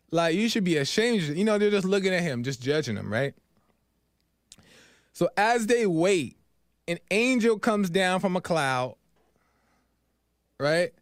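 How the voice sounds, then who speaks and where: A man's voice: fairly high pitch, expressive, a little slow, long pauses, no room sound, studio quality. Earnest man retelling a parable. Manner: earnest, repeats himself, filler "right?". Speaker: podcast host. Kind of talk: storytelling reflection.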